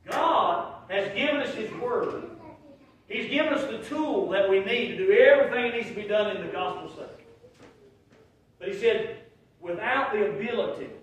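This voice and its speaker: A male pastor, preaching a folksy sermon that swells into shouted emphasis. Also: high-pitched, a little hiss or hum. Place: church sanctuary. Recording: very echoey room, from far off.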